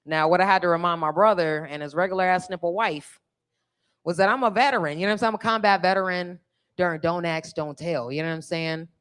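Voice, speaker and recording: A woman's voice: on the low side, fast talker, a bit bright, smooth. Brash middle-aged stand-up woman, bawdy crowd-teasing delivery, live on a stage mic. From California. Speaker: stand-up comedian.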